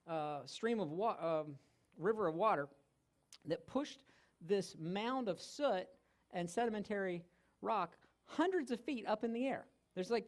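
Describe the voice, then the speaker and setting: A man giving a church teaching talk, telling stories with humor and animated delivery. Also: high-pitched. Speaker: guest teacher. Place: church hall.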